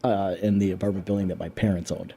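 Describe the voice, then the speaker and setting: A man's voice: low voice, flat delivery, quick pace, dark tone, a little hiss or hum. A man co-hosting a community radio talk show, telling stories in a casual, rambling way with many restarts and fillers. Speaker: radio co-host. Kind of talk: casual chat.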